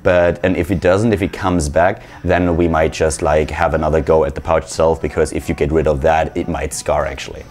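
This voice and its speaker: A man's voice: very deep voice, fairly even intonation, brisk, hardly any pauses, a little mellow. A man tells a casual story. He rambles, uses lots of fillers, and pokes fun at himself as he goes. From Germany. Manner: rambling, filler-heavy, self-mocking. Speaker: vlogger.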